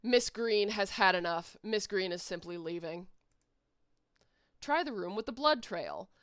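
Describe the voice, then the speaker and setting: Young woman reading a webcomic aloud, slow and playful, lively pitch, dry close mic. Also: clean tone, dry recording. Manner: playful, animated, reacts to the text. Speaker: webcomic reader.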